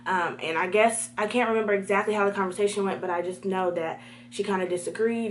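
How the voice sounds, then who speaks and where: A young woman telling a storytime vlog, animated and talking straight to her viewers. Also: fairly low pitch, fast, slight background noise. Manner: animated, talks to viewers directly.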